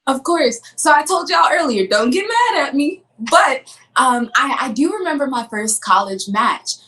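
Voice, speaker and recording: A woman's voice: high voice, big pitch swings, normal speed, sharp tone. A young adult woman, a guest athlete on a podcast, telling stories casually and acting out her own past words. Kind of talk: casual storytelling in an interview.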